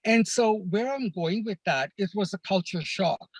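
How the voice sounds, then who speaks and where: High-voiced man telling a story. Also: animated, normal speed, slightly rough, no echo, poor audio. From Canada. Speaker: podcast guest. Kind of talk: storytelling in a casual interview.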